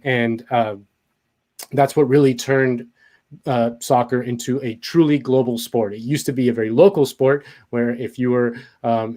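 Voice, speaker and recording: A man's voice: mid-range voice, darkish tone. A man talking casually as a guest, hesitant, with many fillers and restarts. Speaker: guest commentator. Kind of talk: casual conversation.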